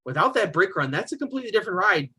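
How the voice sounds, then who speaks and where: A man's voice: high voice, sing-song, racing, sharp tone, breathy edge. A man co-hosting a casual podcast chat, talking in an enthusiastic, opinionated way with plenty of fillers like "um" and "like". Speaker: podcast co-host. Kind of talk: casual chat about roller coasters.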